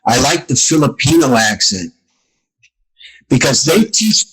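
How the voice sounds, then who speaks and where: A man's voice: mid-range voice, big pitch swings, unhurried, fairly bright tone, breathy edge, rough recording. A man talking casually as a podcast guest, often stammering and repeating his words. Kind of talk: casual interview chat. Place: Austin, Texas.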